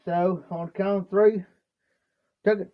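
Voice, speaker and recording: A man's voice: sits high, fairly even intonation, measured pace, no room sound, lo-fi sound. A man from Ohio livestreaming from home, telling a rambling, repetitive folksy story and mixing drinks. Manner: rambling, repetitive, folksy, keeps saying "no joke". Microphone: phone livestream.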